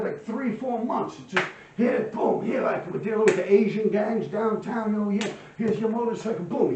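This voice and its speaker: A man telling his own street crime stories to camera, animated and profane, full of slang and fillers. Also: high voice, slight background noise. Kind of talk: casual street storytelling to camera. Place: at home by a window. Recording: roomy, distant, dull sound.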